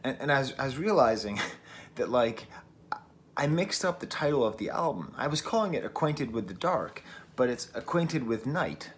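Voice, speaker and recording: A man's voice: medium pitch, very animated, normal speed, slight background noise. Chatty man from New England reviewing records. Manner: chatty and wry, laughs at himself often. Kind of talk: casual spoken album review. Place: at home, early morning. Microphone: camera mic.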